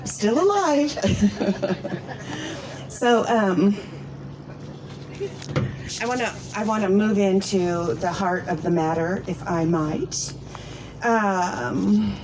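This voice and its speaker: A woman's voice: mid-range voice, warm tone, slight background noise, poor audio. A woman in her sixties giving a humorous, candid talk about her recovery to a convention audience. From Arizona. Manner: candid, humorous storytelling with laughs. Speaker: recovery speaker. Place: convention meeting room.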